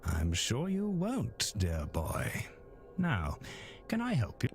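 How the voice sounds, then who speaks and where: An actor playing a suave, fawning middle-aged jeweller who talks in a smooth, theatrical way, lingering over his words in a game. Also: mid-range voice, wildly swooping pitch, slow pace, faint music behind, exaggerated voice. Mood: ingratiating. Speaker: game character.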